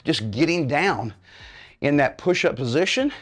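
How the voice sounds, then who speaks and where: Slightly high and expressive, his voice moves a little slowly as he, a man in his fifties, coaches a home workout in the living room. The fitness coach gets winded demonstrating moves and checks in with "okay, guys?"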